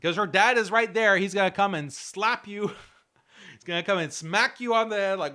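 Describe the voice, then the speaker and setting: A man's voice: high voice, moderate pace, sharp tone. A man hosting a show, reacting to clips with mocking commentary and frequent laughter. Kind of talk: casual commentary.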